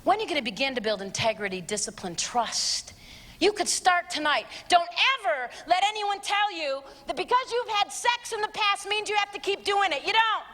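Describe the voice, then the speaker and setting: Bright, high-pitched woman preaching in a hall. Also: lively intonation, normal speed. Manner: emphatic, direct and exhortative. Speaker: abstinence speaker. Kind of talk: live talk to a youth audience. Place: large church hall, live event. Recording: long hall reverb, faint crowd.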